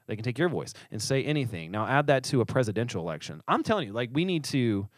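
A man's voice: medium pitch, fast, dry recording, clean studio sound. A man co-hosting a casual podcast as a church leader, telling stories animatedly and acting out the voices of the people in them. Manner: animated storyteller who acts out quoted voices.

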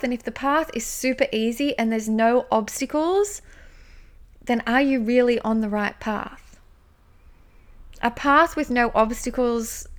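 A woman speaks straight to her listener in a relaxed, encouraging coaching tone, her voice sitting a little on the high side. She talks freely and unscripted, trailing into fillers and restarting her sentences as she goes. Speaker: intuition coach. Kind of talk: casual spoken guidance.

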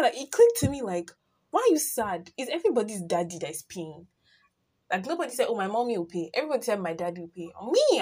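A teenage girl with a Nigerian accent talks straight to her listeners in a casual solo podcast. She is chatty and earnest, jumping from loud bursts to quiet, soft asides. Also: mid-range voice, husky. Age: teens. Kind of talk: casual personal monologue.

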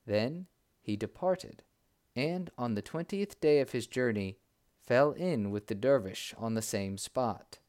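A man reads an old fairy tale aloud at a very slow, deliberate pace. His pitch sits in the middle range, and his narration is steady and unhurried. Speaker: storyteller. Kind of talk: storybook narration.

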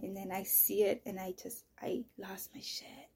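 A woman with a gravelly, husky voice recounts a painful family story in a podcast, her delivery raw and emotional. She jumps from loud, strained outbursts down to hushed, almost whispered lines. Her pitch sits in a middle range for a woman. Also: flat delivery, a little fast, few pauses. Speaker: mother telling her story. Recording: voice message.

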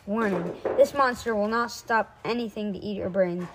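A woman reading a children's chapter book aloud, expressive, with small stumbles and restarts. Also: mid-range voice, moderate pace, background noise. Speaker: reader.

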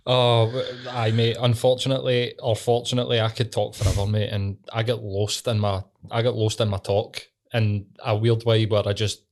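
A man's voice: lowish voice, level tone, moderate pace, few pauses. Glaswegian man bantering, calling everyone mate. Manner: sweary, laughing, says "mate" a lot. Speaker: podcast co-host. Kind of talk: casual podcast chat.

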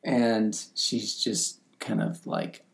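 A man's voice: fairly low pitch, extremely slow. A man co-hosting a podcast that reviews a TV series, talking casually and acting out the scenes as he retells them. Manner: animated, acts out scenes from the show. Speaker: podcast co-host.

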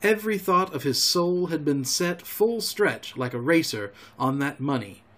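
A man hosting a storytelling show, reading a classic novel aloud in a calm, homely way. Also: fairly high pitch, measured pace. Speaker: storyteller host.

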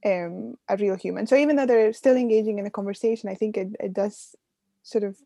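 A woman's voice: medium pitch, brisk, creaky, dry recording, lo-fi sound. A woman hosting a podcast, chatting casually with hesitations and laughs. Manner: warm, hesitant, with filler words and laughs. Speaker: podcast host. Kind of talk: casual conversation.

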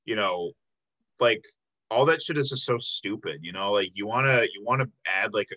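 A man's voice: on the low side, moderate pace, pushed and bright, low-quality recording. A man hosting a casual band interview, rambling and swearing freely with lots of filler words. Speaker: podcast interviewer.

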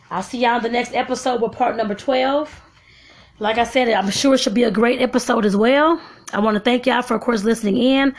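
A woman with a drawl reads a self-help text aloud at a slow, deliberate pace, as a podcast host. Between passages she drops into folksy, chatty asides to her listeners. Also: fairly high pitch.

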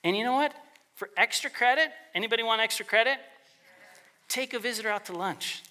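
A man's voice: extremely high pitch, a little fast, pushed and bright. A man preaching a sermon as pastor in a conversational way, often acting out the voices of the people he quotes.

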